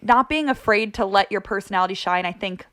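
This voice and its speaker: A woman's voice: mid-range voice, brisk, a bit bright. A young woman, a sports broadcaster, chatting casually as a podcast guest in an upbeat, talkative way, laughing easily.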